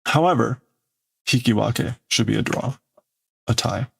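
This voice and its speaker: A man's voice: medium pitch, a little slow, gravelly, breathy edge. A man hosting a stream, translating a comic aloud word by word, hesitant and full of fillers. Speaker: livestream host translating manga.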